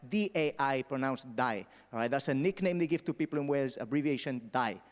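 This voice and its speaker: A man's voice: medium pitch, animated, a little fast, long reverb tail. A young man raised in Spain doing stand-up comedy on a festival stage, punchy, tagging his lines with "all right?".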